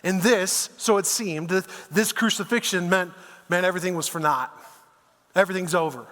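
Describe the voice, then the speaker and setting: High-voiced male pastor in echoing hall. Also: normal speed, fairly bright tone. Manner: conversational storytelling, casual asides like "man" and "dude". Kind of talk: sermon. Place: church auditorium.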